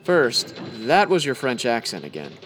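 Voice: mid-range voice, wildly swooping pitch, moderate pace, faint music behind. An actor playing a wry newspaper reporter in an old-time radio-drama style, talking in clipped period slang. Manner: wry, clipped 1940s patter.

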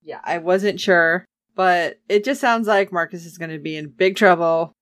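A woman's voice: fairly low pitch, normal speed, no room sound. A woman chatting casually as a podcast co-host, recapping a TV episode with sarcasm and acting out the characters' lines.

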